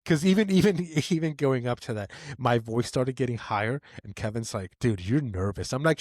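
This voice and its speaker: Excitable man telling a story. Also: mid-range voice, normal speed, few pauses, no room sound, studio quality. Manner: excitable storytelling, voice rises when animated. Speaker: podcast co-host. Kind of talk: casual chat.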